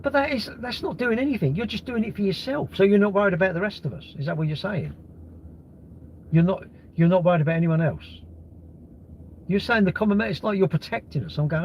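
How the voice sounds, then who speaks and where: A man's voice: high-pitched, expressive, a little fast, slight background noise. Sweary man ranting on a livestream. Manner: blunt, sweary, rhetorical questions. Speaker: livestream host. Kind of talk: casual livestream rant. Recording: dull lo-fi stream audio.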